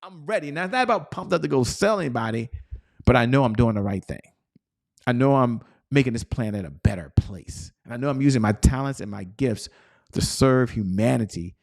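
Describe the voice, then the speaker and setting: A man hosting a motivational sales show, energetic and excited, repeating phrases and slowly chanting a belief statement for listeners to echo. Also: mid-range voice, gravelly. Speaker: host.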